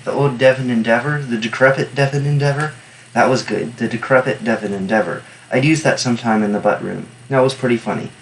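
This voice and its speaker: A man reading a novel aloud in steady first-person narration, stopping now and then for wry, offhand comments on the text. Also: medium pitch, slight background noise, poor audio. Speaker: reader and annotator.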